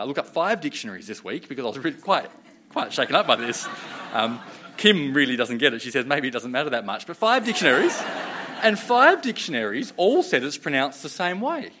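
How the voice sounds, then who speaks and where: Animated man preaching a conversational sermon. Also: a little high. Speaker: pastor.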